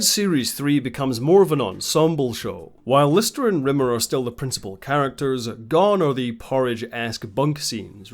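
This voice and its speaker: Man, mid-pitched voice, scripted narration, measured, informative. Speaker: video essay narrator.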